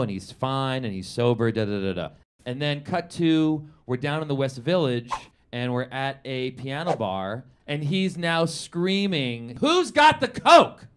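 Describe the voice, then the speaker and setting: A man telling a comedic true story to a live audience, acting out the quoted voices. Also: medium pitch. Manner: animated, acts out quotes in big voices.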